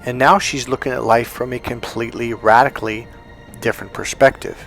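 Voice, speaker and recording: A man talks as a relationship coach in a motivational monologue. His delivery is animated, and he acts out bits of dialogue as he tells stories. His voice sits in a mid range, with faint music in the background. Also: mid-range voice, brisk. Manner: animated storytelling, acting out dialogue.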